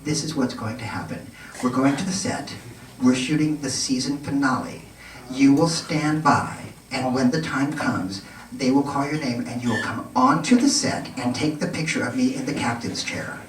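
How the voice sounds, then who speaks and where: A man voicing a calm, commanding actress who gives orders in a low, measured way. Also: slight background noise, natural voice. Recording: roomy live sound from a distant mic.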